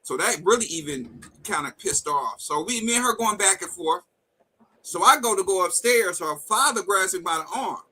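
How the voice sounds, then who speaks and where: A man's voice: high voice, lively intonation, moderate pace, sharp tone, breathy edge, poor audio. A man hosting a live talk stream, telling a personal story in a blunt, profane, heated way and acting out the quoted dialogue. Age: adult with a wife and kids. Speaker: host. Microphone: video call setup.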